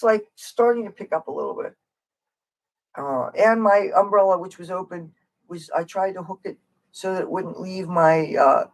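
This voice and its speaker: An adult who hosts livestreams and plays guitar on the street chats casually, rambling and digressing from topic to topic with a frank, slightly wry edge. The voice sits in the mid range, and the recording quality is low.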